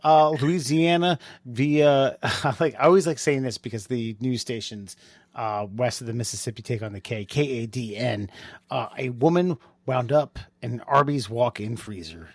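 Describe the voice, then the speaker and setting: A man co-hosting a comedy podcast, rambling through stories with many restarts, dark jokes and some swearing. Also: mid-range voice, normal speed, no echo. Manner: rambling, restarts a lot, dark humor, profane. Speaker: podcast co-host. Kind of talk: casual comedic chat.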